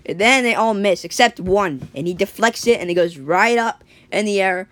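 A woman casually telling an improvised story, rambling and animated, with sound effects. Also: mid-range voice, normal speed, no echo.

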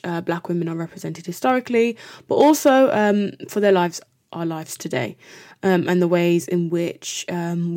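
A woman hosting a podcast, giving a reflective educational monologue in an earnest, measured way with frequent ums. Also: on the low side, warm tone. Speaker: podcast host.

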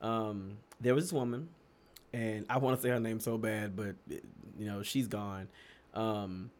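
A young man from Texas telling stories in a casual chat, animated and laughing often, his pitch leaping up for emphasis. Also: unhurried. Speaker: podcast co-host.

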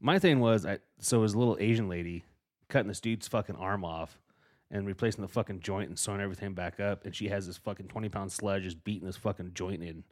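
A low-pitched, quick-talking middle-aged man co-hosts a podcast, telling a story in easygoing conversation. Expect plenty of cursing and animated delivery, with the quotes acted out.

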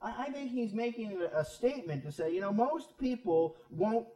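A pastor with a high-pitched male voice delivers a Bible teaching sermon, talking to his listeners in a conversational way and pressing his points with rhetorical questions. He sounds distant from the mic, and his voice rings around an echoey room. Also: lively intonation, normal speed, dark tone, muffled recording.

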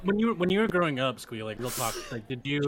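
A man chatting as a podcast guest, excitable and animated in his reactions. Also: mid-range voice, fast talker. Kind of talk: casual chat. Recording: loud crowd noise behind.

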